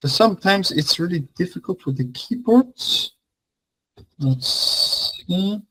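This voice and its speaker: A man's voice: sits high, expressive, slow, sharp tone, breathy edge, rough recording. Chatty young man teaching an online class. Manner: chatty, loose, frequent fillers and restarts. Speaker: language teacher.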